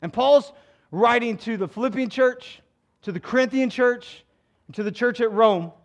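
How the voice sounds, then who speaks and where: A male pastor preaching a sermon in an animated, joking way, swinging from low asides to loud exhortation. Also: normal speed.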